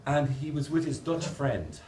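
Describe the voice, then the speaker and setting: An Irish man gives a playful, humorous conference talk, explaining his drawings as he goes, in a slightly high, very animated, unhurried voice. A distant camera caught him in a large hall, so the sound is echoey, far off, and noisy.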